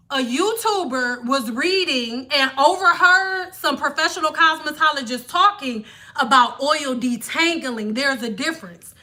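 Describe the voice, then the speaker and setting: A woman's voice: high voice, sharp tone. A young woman hair stylist ranting on a live stream, blunt, sarcastic and profane. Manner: mocking impressions of viewers.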